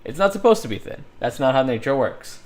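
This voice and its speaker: A man's voice: medium pitch, big pitch swings, fairly quick, darkish tone. A man chatting casually while working on a livestream, rambling, thinking aloud and laughing often. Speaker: livestreamer modeling in 3D software.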